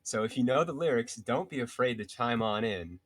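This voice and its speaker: A man's voice: medium pitch, animated, normal speed. A man on a live-streamed game show, speaking in a playful, theatrical way. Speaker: player. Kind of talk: casual live-stream chat.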